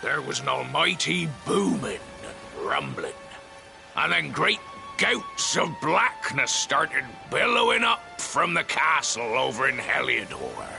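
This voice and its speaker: An actor voicing a folksy, kindly old fisherman in a video game, with a gravelly, rustic way of speaking. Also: mid-range voice, huge pitch swings, takes it slowly, full character voice. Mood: grim. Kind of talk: game voice acting. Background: game music.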